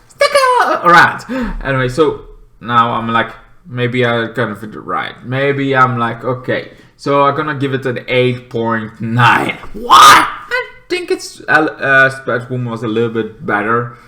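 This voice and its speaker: A man reviewing TV episodes alone talks at a measured pace, rambling casually with many fillers. He breaks off into shrill, shouted impressions of the characters.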